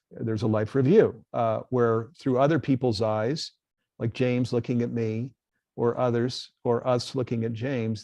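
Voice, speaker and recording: A man with a mid-pitched voice hosts a live online talk in an earnest, easygoing way. His voice is recorded close and dry, with no room sound. He pauses on fillers as he sets up questions for his guest. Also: a little mellow, no room sound. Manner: earnest, reads viewer questions. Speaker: host. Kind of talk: casual live webcast talk.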